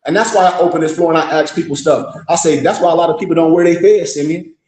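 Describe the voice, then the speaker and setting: A man's voice: fairly high pitch, quick pace, darkish tone, reverberant. A man hosting a live discussion, lecturing in a blunt, profane, scolding way. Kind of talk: impassioned lecture-style talk.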